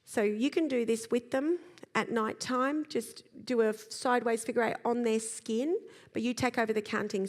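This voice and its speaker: A middle-aged woman giving a calm, gentle talk on parenting to a live audience, pausing to demonstrate slow breaths and sighs. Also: fairly high pitch. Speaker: parenting speaker. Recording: long reverb of a large hall.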